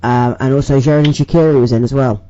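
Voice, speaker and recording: A man's voice: mid-range voice, steady tone, fast talker, warm tone, muffled recording. A man co-hosting a casual football podcast, talking tactics with an eager, gleeful manner. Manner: enthusiastic, gleeful, analytical. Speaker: podcast co-host.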